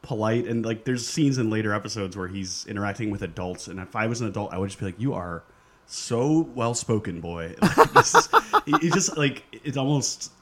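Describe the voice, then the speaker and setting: A man's voice: lowish voice, expressive, quick pace, few pauses, fairly bright tone, a little hiss or hum. A man co-hosting a podcast, rambling and restarting his sentences as he recaps a show. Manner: rambling, hesitant, many restarts. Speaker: podcast co-host. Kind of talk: casual recap chat.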